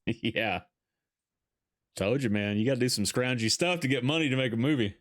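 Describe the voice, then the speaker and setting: A man with a medium-pitched voice hosts a podcast at normal speed, chatting casually as he watches a film. He laughs a lot and swears freely.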